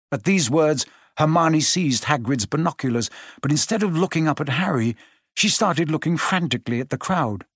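A man narrating a story aloud, expressive and changing his pace as he reads. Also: fairly high pitch, normal speed, husky, no room sound, studio quality. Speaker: audiobook narrator. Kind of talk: scripted narration.

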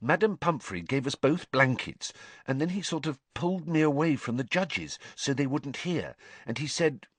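Man doing a clever teenage schoolgirl witch, raised high voice, emphatic, quick, bossy. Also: lively intonation, breathy edge, dry recording. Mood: puzzled.

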